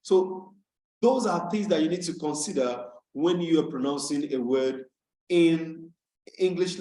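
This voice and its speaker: A man from Nigeria tutoring students over a video call, explaining rules step by step and repeating key words slowly to drill them. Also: a little high, darkish tone. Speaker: English tutor. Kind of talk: online tutorial lesson. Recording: echoey room on a video call.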